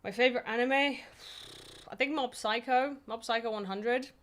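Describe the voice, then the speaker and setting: A woman's voice: a little high, normal speed, fairly bright tone. Chatty, swearing woman streamer from Poland. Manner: loose and chatty, swears, many fillers, laughs easily. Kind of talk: casual chat answering viewer questions.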